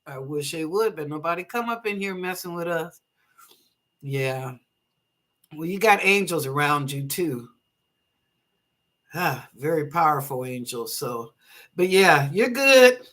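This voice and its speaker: A woman with a low, fairly bright voice hosts live online psychic readings, animated yet unhurried and given to long pauses. She reads viewers' questions aloud and interprets them in a chatty, easygoing manner as psychic reader and show host, laughing often and blessing her callers.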